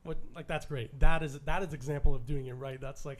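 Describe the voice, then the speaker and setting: A man's voice: medium pitch, steady tone, normal speed, hardly any pauses, slight background noise. A Canadian man co-hosting a podcast, chatting casually and enthusiastically, often stumbling and restarting his sentences. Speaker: podcast co-host.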